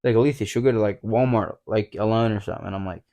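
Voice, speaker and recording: A man's voice: lowish voice, steady tone, fast, dark tone. A man in his twenties co-hosting a casual podcast chat, rambling and swearing often with lots of "like". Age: 20s. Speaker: podcast co-host.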